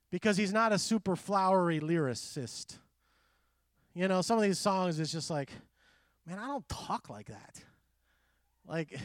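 A middle-aged man preaching a conversational sermon, animated and full of quoted asides. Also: high voice, no echo, studio quality. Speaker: pastor.

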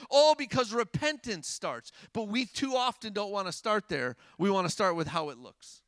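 A man preaching a sermon in a casual, animated way, rising to loud emphasis and dropping to hushed tones. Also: sits high, moderate pace, few pauses, no room sound.

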